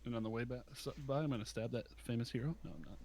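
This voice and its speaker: A man's voice: mid-range voice, rapid-fire, a little mellow, a little hiss or hum. Jokey male tabletop player. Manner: jokey, laughs often, playful teasing. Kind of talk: casual game chat.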